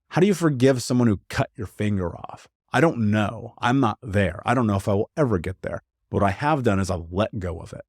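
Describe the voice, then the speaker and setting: Dry, studio-quality audio captures a thirties-aged man with a lowish voice and darkish tone. As a podcast guest, he tells a hard story from his own life with earnest emphasis and frequent "like" fillers.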